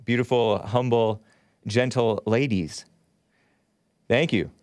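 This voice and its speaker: A man's voice: medium pitch, takes it slowly, a little mellow, dry recording, studio quality. A man hosting a livestream show, talking casually and rambling, often spelling names out letter by letter. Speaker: show host.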